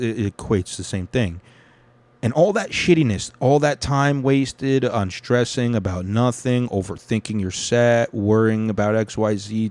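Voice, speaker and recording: A man's voice: fairly low pitch, a little mellow, no echo. A young man hosting his own podcast, ranting with heavy swearing and then telling stories about doing stand-up comedy. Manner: angry, profane ranting that settles into reflective storytelling. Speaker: podcast host and stand-up comic.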